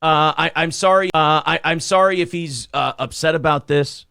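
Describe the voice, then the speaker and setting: A man's voice: on the high side, moderate pace, creaky, pushed and bright, smooth, no echo. Rambling talk-show man, dry close sound. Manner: rambling, apologetic asides. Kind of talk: casual live-stream talk.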